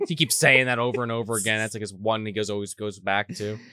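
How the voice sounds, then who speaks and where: A woman's voice: a bass voice, steady tone, fast talker, bright, forceful tone, clean tone, no echo, clean studio sound. A woman co-hosting a casual movie recap with wry, profane, sarcastic asides. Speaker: podcast co-host.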